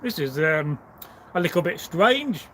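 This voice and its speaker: A man's voice: fairly high pitch, sing-song, a little slow, pushed and bright, slight background noise, full character voice. A man doing a hungry, baffled storybook fox. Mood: puzzled. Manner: puzzled, musing. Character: hungry, frustrated male fox, eager and baffled.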